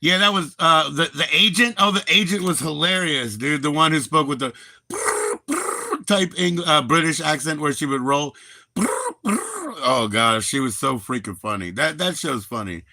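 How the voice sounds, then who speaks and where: Bright-voiced, profane, rambling livestreamer guy. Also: a little high, no room sound. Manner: rambling, profane, laid-back, drawn-out "dude". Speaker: livestream host. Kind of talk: casual livestream chat.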